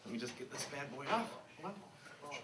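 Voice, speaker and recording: A man's voice: medium pitch, lively intonation, normal speed, noisy background. An American man doing a stand-up comedy set, wry and self-mocking, chatting with the crowd at a live venue. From United States. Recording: echoey venue, mic at a distance.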